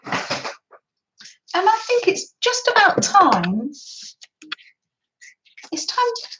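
A woman's voice: very high voice, wildly swooping pitch, drawn-out words, background noise. A woman chatting through a craft session at her desk, gushing over papers and cooing about how lovely everything is. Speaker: craft vlogger. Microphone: camera on desk.

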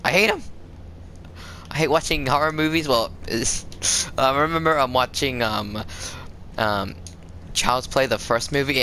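Excitable man with a bright, sharp voice. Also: on the high side, a little hiss or hum. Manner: excitable, rambling, swears and laughs often. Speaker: gaming video creator. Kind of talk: live gameplay commentary.

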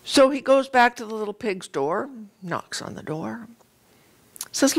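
A woman minister giving a conversational sermon, retelling a fairy tale with lively, animated storytelling. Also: on the high side, unhurried, long pauses.

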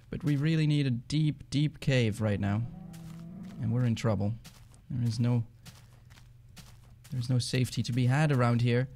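A man with a Dutch accent, rambling chattily as he plays and narrates a game, and quick to get excited. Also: mid-range voice. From Netherlands. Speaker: gaming channel host. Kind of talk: casual let's-play commentary.

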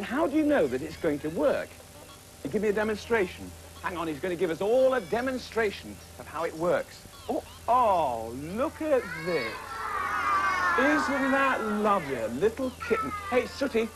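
A young man hosts a children's puppet show with playful, exclaiming patter. His voice rides high and swings widely in pitch. Music plays clearly behind him. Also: low-quality recording. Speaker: children's TV presenter.

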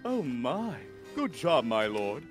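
A man's voice: mid-range voice, very animated, slow, over loud music. A man voicing a smug, drawling cat-like god of destruction.

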